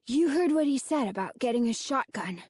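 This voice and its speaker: A woman's voice: high voice, lively intonation, moderate pace, a little mellow, breathy edge, no room sound. Danny, a woman playing an uneasy boy. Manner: uneasy, hesitant. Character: twelve-year-old boy, nervous and reluctant.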